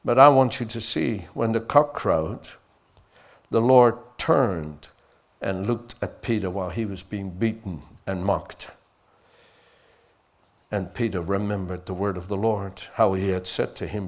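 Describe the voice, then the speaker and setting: A male pastor preaching a sermon, swinging dramatically between loud exhortation and hushed lines, and calling for responses from the congregation. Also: fairly low pitch, measured pace.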